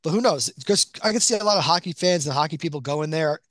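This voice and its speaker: Young philly guy talking fast on a podcast, kinda high voice, dry close mic. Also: a bit bright, dry recording. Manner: quick, hesitant with repeated restarts. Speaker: podcast co-host. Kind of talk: casual chat.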